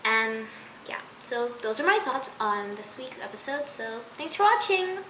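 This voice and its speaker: A woman's voice: a little high, very animated, measured pace, pushed and bright, soft background music. A woman giving a casual, exasperated vlog review of a TV episode, chatty and full of fillers. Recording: roomy echo.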